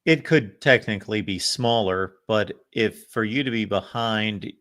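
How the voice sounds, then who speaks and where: A man co-hosting a college football talk show, reasoning through points in a measured, analytical way and thinking aloud. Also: fairly low pitch, a bit bright. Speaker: college football podcast co-host. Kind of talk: casual sports chat.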